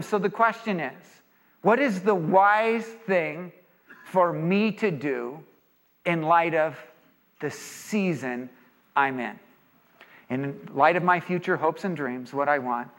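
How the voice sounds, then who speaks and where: High-voiced man telling a story in a hall. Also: slow pace. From California, US. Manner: animated, jokey storyteller. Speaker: speaker leading a seminar or sermon. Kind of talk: storytelling talk to an audience. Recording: echoey hall with long reverb.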